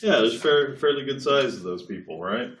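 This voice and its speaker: A man's voice: mid-range voice, animated, moderate pace, fairly bright tone. A man giving a casual classroom lecture, chatty and digressive, often checking in with his students. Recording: echoey classroom.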